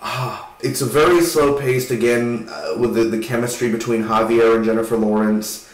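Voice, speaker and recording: A man giving a rambling, casual spoken film review, swearing now and then and acting out scenes in quick voices. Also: mid-range voice, fairly even intonation, reverberant, distant mic, low-quality recording.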